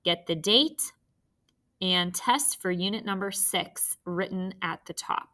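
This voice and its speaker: The speaker is a woman with a lowish voice and a sharp tone, teaching phonics to young third-grade students. She is patient and encouraging, pronouncing things slowly and clearly.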